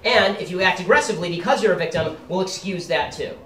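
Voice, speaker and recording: A man's voice: high voice, quick pace, pushed and bright, slight background noise. A young man giving a sarcastic, combative political speech to a live audience. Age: young adult. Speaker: campus speaker. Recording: roomy hall, mic at a distance.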